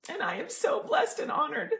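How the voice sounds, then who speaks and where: A woman hosting an inspirational video, speaking gently and earnestly to viewers. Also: sits high, wildly swooping pitch, moderate pace. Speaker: motivational video host. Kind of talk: heartfelt direct-to-camera encouragement.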